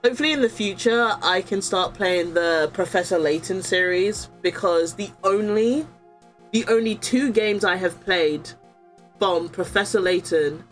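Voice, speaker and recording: A young adult woman streams a game in a lowish voice, chatting excitedly with her viewers and reading the game's dialogue aloud.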